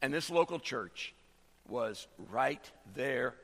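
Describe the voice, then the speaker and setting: A man preaching a sermon as pastor, halting with many fillers and restarts as he explains a verse. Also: medium pitch, animated, gravelly, a bit bright, long reverb tail.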